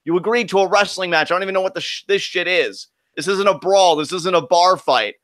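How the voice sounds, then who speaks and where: A man's voice: sits high, a little fast, a bit bright, dry recording, clean studio sound. A man co-hosting a live wrestling reaction, ranting with heated, profane fan commentary. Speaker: co-host of wrestling reaction show.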